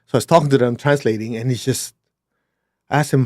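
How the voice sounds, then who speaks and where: A man telling a personal story in a plain-spoken way, his delivery swinging between hushed and emphatic, with blunt asides. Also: a little high, big pitch swings, fast, no echo, clean studio sound. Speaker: speaker sharing a personal story.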